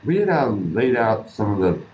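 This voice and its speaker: A man's voice: on the low side, very animated, normal speed, a little hiss or hum. A man, an artist guest in an interview, telling stories in an earnest, rambling way. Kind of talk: casual interview talk. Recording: roomy, dull lo-fi sound.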